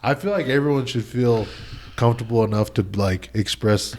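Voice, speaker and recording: A young man speaks in a loose, slangy way as a podcast guest. His talk is full of fillers and restarts, with a voice of middling pitch. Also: normal speed, darkish tone, a little hiss or hum. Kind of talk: casual chat.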